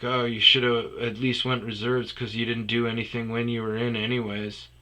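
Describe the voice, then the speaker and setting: A man's voice: mid-range voice, pushed and bright. A man telling a rambling comedic story about a phone call, often dropping into muttered asides. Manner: rambling, restarts, drops to muttered whispers.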